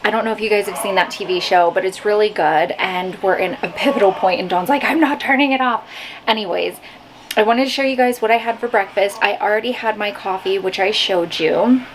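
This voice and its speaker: A woman's voice: mid-range voice, fairly quick, slight background noise. A woman chatting casually to camera at home in a daily vlog, telling stories with lots of fillers. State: out of breath. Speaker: vlogger. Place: home kitchen and bedroom.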